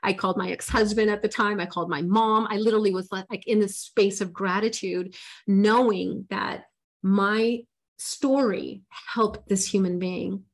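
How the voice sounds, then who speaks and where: A woman's voice: medium pitch, steady tone, unhurried. Earnest woman life coach telling her story. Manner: earnest, emotional, spiritual storytelling with many restarts. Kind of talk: interview storytelling.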